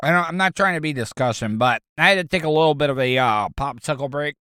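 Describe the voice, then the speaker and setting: A man's voice: fairly high pitch, fast talker, bright, forceful tone, clear, resonant tone. A man hosting a solo podcast, rambling with stammering restarts and crude jokes. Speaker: podcast host. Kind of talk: casual solo monologue.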